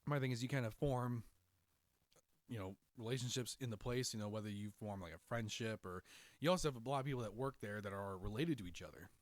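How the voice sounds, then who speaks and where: A man co-hosting a podcast in casual chat, telling stories in an animated way and laughing often. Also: on the low side, fast, no echo. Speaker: podcast co-host.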